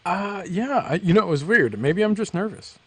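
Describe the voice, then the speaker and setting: A man co-hosting a live stream, chatting in a laid-back, slightly hesitant way with quiet asides. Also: high voice, lively intonation, normal speed, husky, poor audio. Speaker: co-host. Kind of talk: casual live-stream chat.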